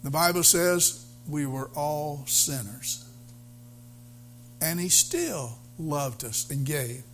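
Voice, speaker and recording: Slow, halting male pastor preaching. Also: on the high side, fairly bright tone, faint music behind. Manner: slow, halting with many fillers, rising to fervent emphasis. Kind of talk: sermon.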